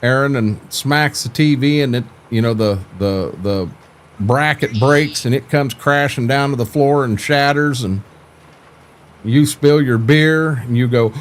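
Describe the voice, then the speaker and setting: A man's voice: medium pitch, measured pace. An older man chatting casually on a live stream about farming games, laid-back and folksy, often stumbling and repeating words.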